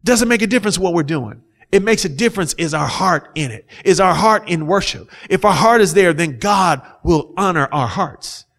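A man's voice: high voice, lively intonation, normal speed, fairly bright tone. A man preaching a sermon, reading scripture aloud and explaining it with rising fervor. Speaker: pastor.

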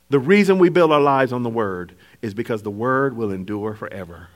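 A man preaching a sermon to a congregation, shifting between hushed, drawn-out lines and loud, laughing bursts. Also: mid-range voice. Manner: animated preaching, swings from hushed to shouting, laughs often. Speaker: pastor.

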